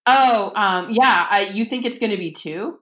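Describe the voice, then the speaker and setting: A woman author talking casually about books, chatty, with many fillers and animated quoting. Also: mid-range voice, moderate pace. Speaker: author guest. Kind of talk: casual podcast conversation.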